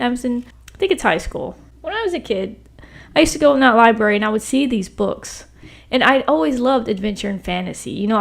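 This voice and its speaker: A young woman chatting about a book in a rambling, tangent-filled way, often turning to the viewer with little asides. Her voice sits a little high and swings up and down expressively as she talks. She records from a small bedroom. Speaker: book channel host. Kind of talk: casual book talk to camera.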